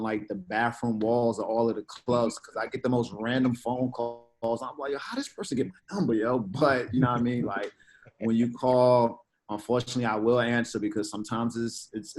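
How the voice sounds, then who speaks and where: An animated man talks casually as a guest. His voice sits at an ordinary middle pitch. He is slangy and acts out quoted back-and-forth exchanges. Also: a little fast, slight background noise, low-quality recording. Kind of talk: casual conversation.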